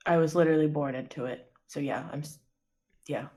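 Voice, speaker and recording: A woman's voice: low-pitched, steady tone, brisk, darkish tone. A woman playing in a tabletop game, chatting casually. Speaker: player.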